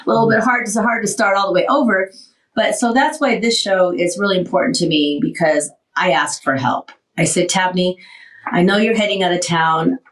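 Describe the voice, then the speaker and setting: A woman's voice: fairly low pitch, moderate pace, a bit bright, roomy sound, distant mic, low-quality recording. A woman in her sixties hosting a casual radio talk show, emotional and rambling, getting short of breath as she talks. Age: 60s.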